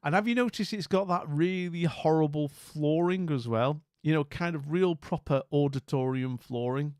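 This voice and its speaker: A man's voice: on the high side, moderate pace, darkish tone, clear, resonant tone, no echo, studio quality. A man streaming casually, rambling and bemused as he talks to viewers, with many restarts and asides. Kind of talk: casual live-stream commentary.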